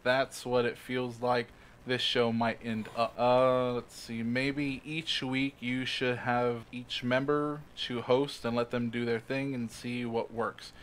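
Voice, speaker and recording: A man's voice: mid-range voice, level tone, slow pace, a bit bright, a little hiss or hum. A man co-hosting a casual podcast, reading a listener's email aloud with laughs and stumbles. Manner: reads aloud with laughs and restarts.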